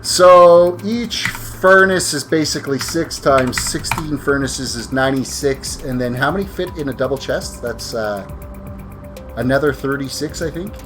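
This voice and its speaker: At a measured pace and over music, a tired man with a mid-range voice chats with his live audience as he plays a video game. His commentary is casual and rambling, full of self-corrections.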